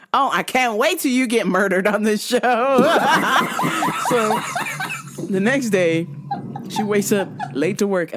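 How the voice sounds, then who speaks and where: Loud-laughing profane woman host. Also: on the low side. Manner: profane, laughs often, acts out quotes in voices. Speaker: podcast host. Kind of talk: casual comedic chat.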